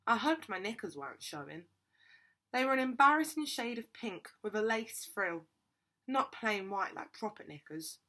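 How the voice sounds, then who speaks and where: Female reader, steady expressive storybook narration. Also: medium pitch, moderate pace. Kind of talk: reading a children's novel aloud.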